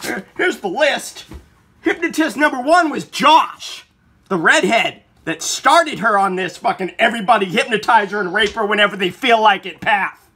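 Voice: mid-range voice, expressive, normal speed, bright, forceful tone, breathy edge. A filmmaker narrating a documentary and questioning people on recorded calls, blunt and indignant, swearing freely.

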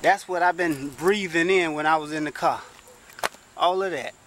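A man's voice: on the high side, moderate pace, a bit bright, slight background noise. A man doing a casual how-to car repair vlog, chatty and exclaiming often as he talks straight to viewers while working inside a parked car. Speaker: vlogger.

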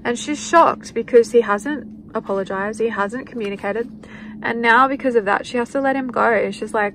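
A woman's voice: fairly high pitch, normal speed, a bit bright, a little hiss or hum, rough recording. A woman giving a spiritual card reading, chatting loosely and voicing what the people in it might be thinking. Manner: chatty, speaks in quoted inner voices. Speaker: tarot card reader.

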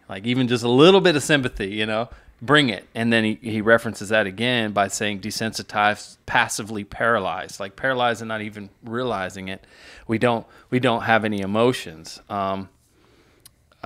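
Pastor talking through song lyrics. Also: male voice, on the low side, moderate pace, a bit bright. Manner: analytical, reads lyrics aloud and explains them, many fillers and restarts. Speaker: pastor reacting to music. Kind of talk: casual reaction chat.

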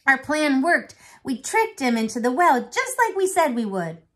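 A woman's voice: mid-range voice, animated, slow, darkish tone. A woman voicing a bold young twin girl in a storybook read-aloud. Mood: proud.

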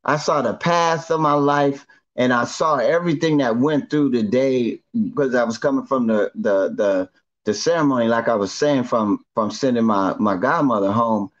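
A guest from Northern California gives an emotional first-person testimony, telling his story at medium pitch and normal speed over lo-fi sound. He is a repetitive, slangy storyteller who often restarts.

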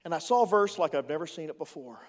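A man's voice: a little high, expressive, quick pace, in a large hall. A male executive pastor preaching a sermon in a playful, conversational way, with asides to the congregation.

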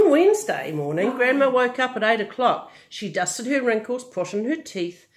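An older woman reading a picture book aloud, gentle and amused with chatty asides. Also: a little high, very animated, normal speed, a little hiss or hum. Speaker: storyteller.

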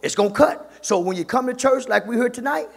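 A man preaching a sermon as pastor in a church, fervent and repetitive, often calling out "my God" and building to shouts. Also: very high-pitched, fairly quick, vocal fry. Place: church sanctuary. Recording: echoey church hall with long reverb.

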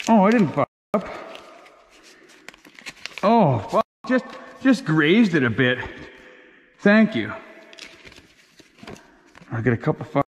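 A man's voice: a little high, sing-song, takes it slowly, pauses often, in a large hall. A man hosting a casual unboxing vlog, talking in crude, rowdy, heavily profane banter. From Canada. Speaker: channel host.

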